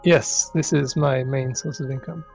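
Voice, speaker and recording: A man being interviewed in a casual live stream, with deadpan humor and frequent laughs. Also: medium pitch, moderate pace, vocal fry, faint music behind, poor audio. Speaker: interview guest, asset developer.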